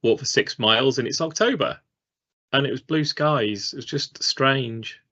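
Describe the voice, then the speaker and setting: On a video call, an English co-host of a live training stream wanders off topic in a chatty, self-deprecating way. His mid-range voice sounds pushed and bright at a normal speed, picked up by a studio mic in slightly dull lo-fi stream audio.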